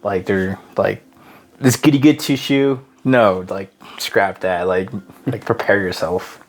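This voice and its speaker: Lively, slangy low-voiced man. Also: takes it slowly, soft background music. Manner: animated storyteller, slangy, laughs easily. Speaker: podcast co-host. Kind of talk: casual religious discussion.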